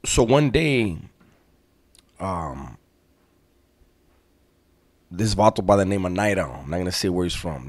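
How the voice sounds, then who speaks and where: Deep-voiced man telling a prison story. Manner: street slang, frequent throat clearing, tag questions. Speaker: storyteller recounting prison life. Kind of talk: casual storytelling.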